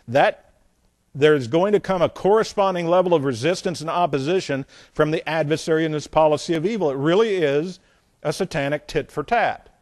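A man teaching a Bible lesson as a pastor, emphatic, repeating phrases and swinging between loud points and quiet asides. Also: a little high, no room sound, studio quality.

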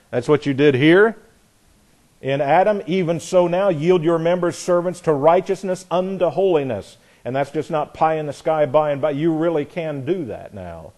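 A man's voice: on the high side, a little mellow. A man preaching a sermon, teaching verse by verse from the Bible with earnest emphasis and frequent restarts.

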